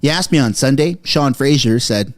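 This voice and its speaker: Breathless guy streaming from his basement, all over the place, shouting then mumbling. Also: medium pitch, normal speed. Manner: excitable, shouting, swinging from frantic to muttering. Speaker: political commentary streamer. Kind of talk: live news reaction stream. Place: home basement.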